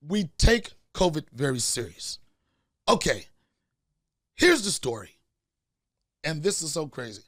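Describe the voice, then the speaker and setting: A man hosting a comedy podcast, joking loudly and repeating lines for laughs. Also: a little high, very animated, measured pace, pauses often, dry recording, clean studio sound. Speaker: podcast host. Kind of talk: casual comedic chat.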